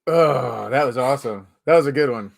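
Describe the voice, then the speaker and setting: Live-show host, male, mid-pitched, chatty and easygoing, laughs often. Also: normal speed, vocal fry. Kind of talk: casual live-stream chat.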